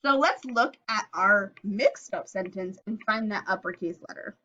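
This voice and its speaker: A woman teaching a phonics lesson to young children, slowly stretching out and sounding each letter of the words. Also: mid-range voice, sharp tone, muffled recording.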